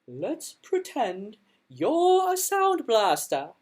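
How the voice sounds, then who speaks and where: A woman doing a gentle, patient schoolteacher. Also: fairly high pitch, wildly swooping pitch, very slow, voice pushed up, exaggerated voice. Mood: coaxing.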